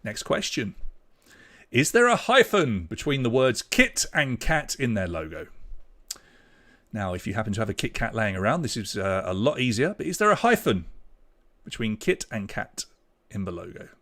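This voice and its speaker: A man's voice: on the low side, big pitch swings, moderate pace, a bit bright. A man running an online pub quiz, reading out questions and leaderboard standings. He talks casually and fills the gaps with chatty jokes and asides. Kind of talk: live quiz hosting, casual chat.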